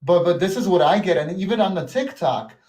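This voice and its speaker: A man's voice: high voice, a little fast, distant mic. A man from the United States, a podcast guest, telling stories casually and acting out what other people said. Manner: animated, acts out other people's lines in quotes. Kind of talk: casual storytelling. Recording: echoey room.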